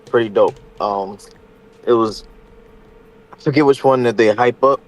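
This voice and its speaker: A man's voice: mid-range voice, a little slow, poor audio. A man co-hosting a casual podcast, laid-back and slangy with some profanity. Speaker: podcast co-host. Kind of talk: casual chat.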